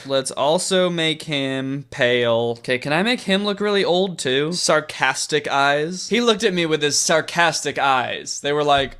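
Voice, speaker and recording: A man's voice: mid-range voice, moderate pace, hardly any pauses, a bit bright. A man giving comedic gameplay commentary as a YouTuber, riffing with sarcastic asides.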